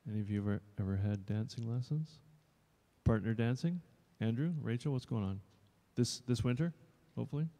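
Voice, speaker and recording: A man's voice: mid-range voice, a little fast, dark tone. Chatty man in his fifties, echoing hall. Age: 50s. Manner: chatty and rambling, jokes with the audience. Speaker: actor. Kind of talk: casual talk to a live audience. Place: showroom. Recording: long reverb in a showroom.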